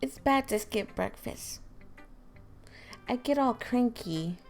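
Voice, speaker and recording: A woman voicing a bubbly, clumsy teen girl in a visual novel, high and chirpy with stretched-out words. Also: lively intonation, slow, faint music behind. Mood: cheerful.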